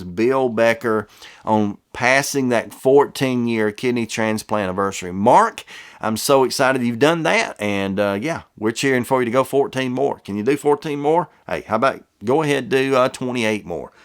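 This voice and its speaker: A middle-aged man from the American South reading viewer comments in a casual, folksy way and stumbling over names. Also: mid-range voice.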